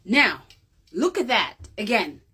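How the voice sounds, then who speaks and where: Her medium-pitched voice is sing-song, bright, husky and forceful, and she takes her time. This woman presents a craft demonstration for viewers, talking chattily off the cuff with fillers and frequently checking in with her audience.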